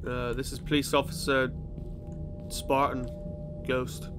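A man's voice: mid-range voice, little pitch movement, takes it slowly, music in the background. A man giving chatty gaming commentary, swearing and thinking aloud while playing a police officer. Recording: gameplay with vehicle noise.

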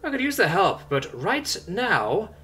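A man voicing a brisk, unflappable young woman governor who talks bluntly and stubbornly. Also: high voice, wildly swooping pitch, pushed and bright, slightly rough, faint music behind, voice pushed up, full character voice. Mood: insistent. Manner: blunt, stubborn, matter-of-fact.

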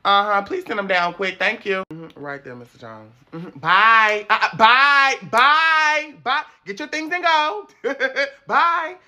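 A man's voice: animated, moderate pace, hardly any pauses, pushed and bright, exaggerated voice. A man voicing a stern, no-nonsense woman teacher running in-school suspension, scolding students in a sassy tone. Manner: scolding, sassy, low-key.

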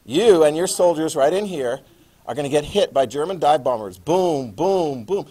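Male teacher, classroom lecture, animated, playful, lively pitch. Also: a little fast. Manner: animated, playful, with sound effects. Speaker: history teacher.

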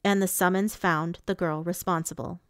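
A woman's voice: on the low side, fairly even intonation, normal speed, smooth, no room sound, clean studio sound, natural voice. A woman doing a biting fox-masked fae courtier. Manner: demanding, biting. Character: sharp-tongued scarred male fae courtier.

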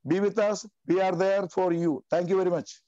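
A man in his fifties giving an emotional, passionate testimony in halting, repetitive phrasing. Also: high voice, fairly even intonation, mellow, no room sound, lo-fi sound. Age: 50s. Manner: passionate, repetitive, non-native grammar. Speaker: team member giving a testimony.

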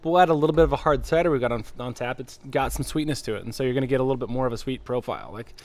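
A man explaining brewing tips on a relaxed livestream. He talks fast at a medium pitch, in an easygoing, explanatory way. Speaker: brewer and show co-host. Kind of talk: casual livestream chat.

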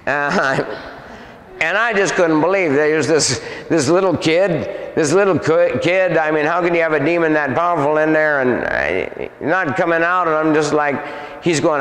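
A man preaching, telling a story with animated delivery, sound effects and many repeats, in an echoey hall. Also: fairly high pitch, normal speed. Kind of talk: sermon testimony. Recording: echoey hall with long reverb.

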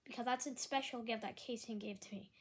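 A woman talking casually to camera in a rambling, halting apology vlog. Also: on the high side, steady tone. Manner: rambling, halting, with frequent restarts. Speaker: vlogger. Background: dog nearby.

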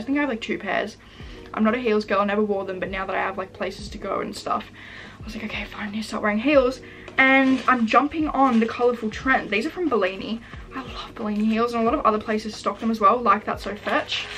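A young woman chatting through an unboxing in a relaxed, gushing way, her speech full of likes and ums. Her pitch sits in an ordinary middle range. A faint hiss runs under the recording. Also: low-quality recording. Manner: chatty, gushing, many fillers. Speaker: fashion vlogger. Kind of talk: casual unboxing chat.

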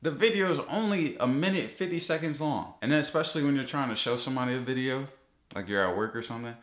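A man vlogging, ranting about ads with heavy swearing, his voice jumping up high when he gets exasperated. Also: fast talker, reverberant. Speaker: YouTuber. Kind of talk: casual ranting vlog.

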